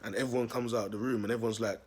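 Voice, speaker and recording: A young man telling a story in a casual vlog, animated and slangy, laughing often. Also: on the low side, racing, breathy edge. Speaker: self-styled prophet vlogger.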